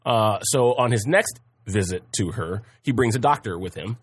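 A man's voice: fairly low pitch, animated, moderate pace, slightly rough, no room sound. A man hosting a podcast, telling a history story casually, with many fillers and frequent laughs. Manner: chatty, laughs often, many fillers and restarts.

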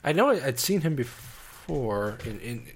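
A man's voice: mid-range voice, big pitch swings, unhurried, a little hiss or hum. A man co-hosting a film review podcast, talking casually and often trailing off mid-thought. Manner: hesitant, restarts and trails off. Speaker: podcast co-host reviewing films. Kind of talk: casual chat.

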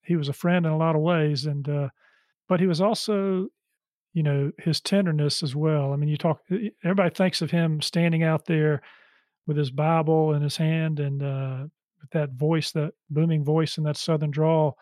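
A male interviewer talks with his guest, summing up the guest's story and leading into questions. His voice sits fairly high for a man. The recording is dry and close, with no room sound, and his delivery is loose and full of fillers. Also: steady tone, normal speed, darkish tone, dry recording. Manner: prompting, summarizing, many fillers. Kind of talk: conversational interview.

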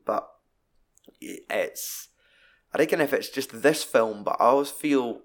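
An animated man chats loosely and casually about a film, swearing constantly. His voice is an ordinary mid pitch, and he moves slowly as he stumbles through the plot with restarts and side comments in a rambling, sweary retelling.

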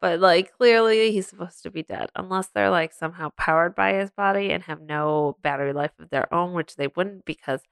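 A woman's voice: fairly low pitch, fairly quick, creaky, hardly any pauses, clean tone, no echo. A woman co-hosting a podcast, recapping a film with dry, wry remarks in casual chat. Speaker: podcast co-host.

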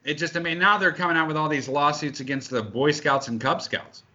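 A man's voice: on the high side, steady tone, fairly quick, bright, forceful tone. A man co-hosting a podcast in casual chat, ranting heatedly and swearing often. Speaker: podcast co-host. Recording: dull lo-fi sound.

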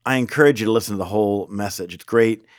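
A man co-hosts a podcast in a light, joking tone. His voice is on the low side and sounds dry and close. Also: fast, dry recording. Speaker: podcast co-host. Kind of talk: casual podcast chat.

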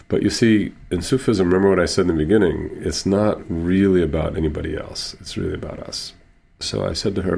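Brief: male healer guest with a husky, very low voice, telling stories slowly and earnestly. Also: darkish tone. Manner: slow, earnest, with repeated phrases. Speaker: Sufi healer and teacher, guest. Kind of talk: storytelling in an interview.

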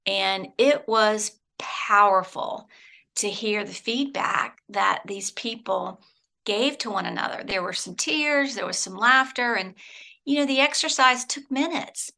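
Gravelly, bright-voiced woman consultant. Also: on the high side. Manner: advice-giving, affirming, coach-like. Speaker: healthcare consultant guest. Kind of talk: casual interview chat.

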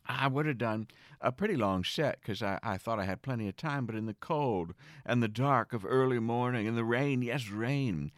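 A middle-aged man delivering a scripted comic monologue as a podcast host, earnest and whimsical, with sudden excited jumps. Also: mid-range voice, normal speed, no room sound, studio quality.

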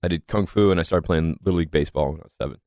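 A young man from just north of Boston, his Boston accent faded, talks as a podcast guest in a casual chat, rambling through stories and laughing often. His voice is low, rapid and somewhat dark, captured in studio quality with no room sound.

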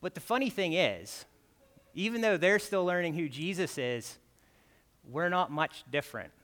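A man's voice: sits high, lively intonation, normal speed, a bit bright. Conversational preacher man in echoing church. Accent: American. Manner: conversational, keeps asking "right?". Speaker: guest preacher. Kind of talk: sermon. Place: church sanctuary. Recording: long hall reverb.

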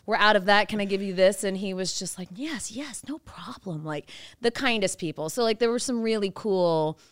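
A woman's voice: mid-range voice, brisk, smooth. A woman telling stories in a casual chat, full of "like" fillers. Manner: chatty storyteller, lots of "like" fillers.

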